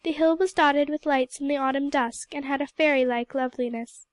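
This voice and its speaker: Give me a woman with a high voice gently narrating a novel, dry and close. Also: steady tone, brisk, no room sound. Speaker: audiobook reader. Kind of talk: scripted narration.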